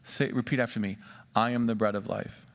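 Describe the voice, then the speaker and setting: A man preaching a sermon, swinging between emphatic rises and quiet drops, and drawing the congregation into questions and call-and-response. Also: fairly low pitch, steady tone, a little fast. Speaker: pastor. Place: church sanctuary. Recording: long church reverb.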